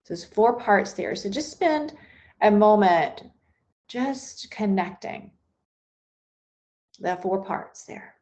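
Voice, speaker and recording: A woman's voice: mid-range voice, lively intonation, slow pace, pauses often, a little mellow. A woman leading a guided breathing meditation in an unscripted, soothing way, with occasional fillers and restarts. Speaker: meditation instructor.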